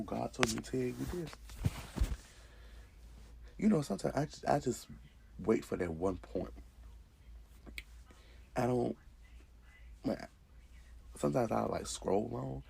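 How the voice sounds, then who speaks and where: A man's voice: medium pitch, gravelly, warm tone, husky. A man hosting his own show, giving a conversational faith commentary monologue with rhetorical repeated phrases and casual asides. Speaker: host.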